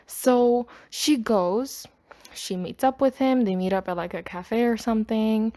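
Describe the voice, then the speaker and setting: A woman's voice: mid-range voice, normal speed, warm tone. A woman hosting a podcast, telling a personal story in a rambling, chatty way. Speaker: podcast host. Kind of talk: casual storytime monologue.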